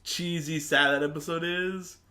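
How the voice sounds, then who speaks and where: A man co-hosts a relaxed podcast conversation with a slightly high, bright voice. He retells scenes in an animated way, full of laughter. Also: normal speed. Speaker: podcast co-host. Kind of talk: casual chat.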